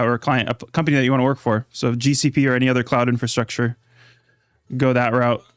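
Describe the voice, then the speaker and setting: A man casually chatting on a live stream, reading chat aloud and answering questions in a relaxed, rambling way. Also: on the high side, clean tone, no room sound, clean studio sound. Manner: laid-back, reads chat aloud, rambling asides. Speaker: livestream host.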